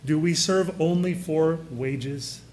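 A man's voice: a little high, slow pace, darkish tone, a little hiss or hum. A man preaching a sermon in a conversational way, often putting questions to his listeners.

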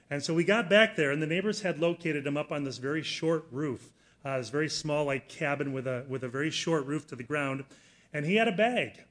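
Preaching a sermon, a middle-aged man tells a personal story earnestly, rising to loud emphasis. His voice is a little high.

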